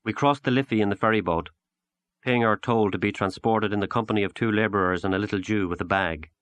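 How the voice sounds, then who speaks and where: A man narrating a literary short story in a measured, unhurried audiobook reading. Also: fairly low pitch, fairly bright tone, dry recording.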